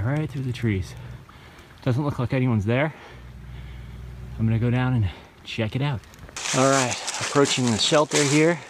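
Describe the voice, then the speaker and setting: A man's voice: medium pitch, unhurried, background noise. A man filming himself on a hike outdoors, giving casual, wry running commentary. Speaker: hiker filming his trip. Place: outdoors on a forest trail.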